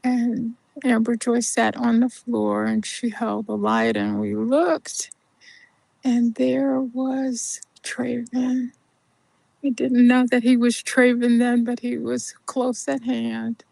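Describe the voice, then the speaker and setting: Slow, gravelly older woman storyteller. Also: on the high side, flat delivery, no echo. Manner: unhurried, gentle, often dropping to a soft near-whisper. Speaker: podcast host. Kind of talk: personal storytelling.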